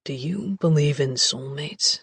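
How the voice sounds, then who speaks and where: A man voicing a troubled young man who opens up softly, with a deep, raspy voice in audiobook dialogue. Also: unhurried, dry recording, exaggerated voice. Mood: quiet, confiding.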